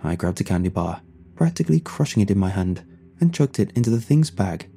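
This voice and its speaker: A man narrating a first-person horror story in a hushed, tense and grief-laden way. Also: low voice, big pitch swings, brisk, breathy edge. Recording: soft music underneath.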